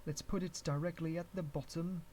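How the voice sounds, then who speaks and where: Slightly higher in pitch and warm in tone, his voice stays fairly even and brisk, with a little background noise. He's a Canadian streamer with an English accent teaching 3D rigging, rambling unscripted through the tutorial, restarting lines and chuckling at himself.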